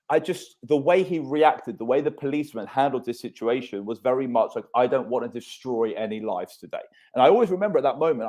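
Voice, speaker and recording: A man's voice: medium pitch, a little mellow. A man in his thirties hosting a casual podcast chat, telling stories animatedly and swearing freely.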